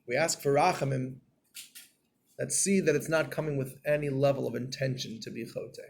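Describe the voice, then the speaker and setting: A man giving a Torah class in a storytelling way, acting out scenes and getting loud and animated. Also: medium pitch, normal speed, gravelly.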